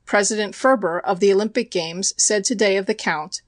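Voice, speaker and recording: A woman's voice: mid-range voice, moderate pace, few pauses, dry recording. Woman narrating an audiobook, dry and close.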